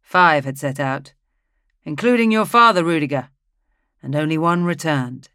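A narrator voicing a grave, wry old northern man who speaks in a solemn, measured way. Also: medium pitch, bright, forceful tone, smooth, dry recording, studio quality.

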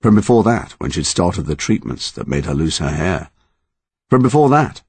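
A man's voice: low-pitched, big pitch swings, normal speed, slightly rough, no room sound. A man narrating a story in a dramatic, emotionally charged reading. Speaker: audiobook narrator.

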